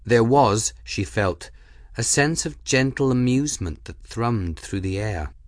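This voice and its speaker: A man narrating a fantasy audiobook in measured, even scripted narration. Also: mid-range voice, dry recording, studio quality.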